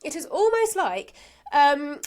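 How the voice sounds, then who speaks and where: A woman's voice: high voice, big pitch swings, slow, darkish tone. A woman co-hosting a podcast, chatting casually as she recaps a soap, laughing often and acting out characters' lines. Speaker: podcast co-host.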